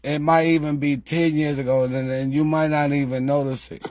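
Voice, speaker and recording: A man talking casually to viewers about lottery picks, repeating himself and growing exasperated, getting louder when he quotes their questions. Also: on the high side, normal speed, soft background music. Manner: repetitive, exasperated, rises when quoting viewers. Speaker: lottery tips creator.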